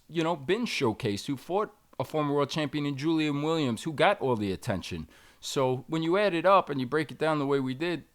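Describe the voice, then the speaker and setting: A man hosting a sports talk show, recapping fights in a steady, agreeable, fluent way. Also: on the high side. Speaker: show host.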